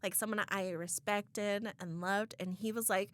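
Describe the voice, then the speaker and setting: A woman's voice: medium pitch, fairly even intonation, a little slow, a bit bright. A young woman co-hosting a podcast, candidly retelling a painful breakup and acting out the dialogue. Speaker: podcast co-host. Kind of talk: casual chat, storytelling.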